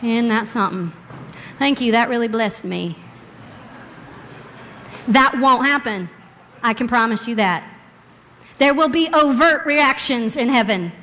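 A woman preaching a sermon in a church, expressive, moving between hushed reading and loud, sung passages. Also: on the high side, measured pace, long pauses. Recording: long hall reverb.

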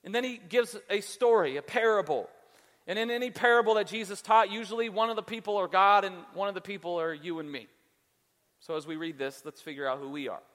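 Pastor, male, high voice, lively preacher, reverb-heavy hall. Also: fairly quick. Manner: animated preacher, acts out quoted voices. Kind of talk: sermon.

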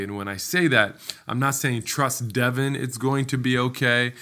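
A man hosting a faith podcast, speaking earnestly and conversationally. He works through scripture with plenty of fillers and quick restarts. His voice sits at an ordinary middle pitch. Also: steady tone, sharp tone. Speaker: podcast host. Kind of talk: casual devotional podcast talk.

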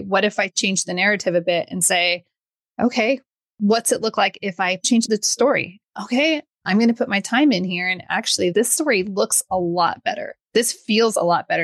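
Woman podcast host, mid-pitched, earnest and explanatory, dry close mic. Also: moderate pace, a bit bright, no room sound. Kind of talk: reflective casual conversation.

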